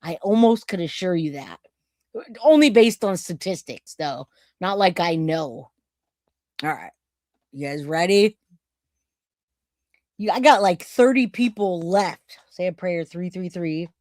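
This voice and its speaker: A woman's voice: lowish voice, lively intonation, measured pace, pauses often, a little mellow, dry recording, clean studio sound. A woman hosting a true crime livestream, talking casually and directly to her chat viewers.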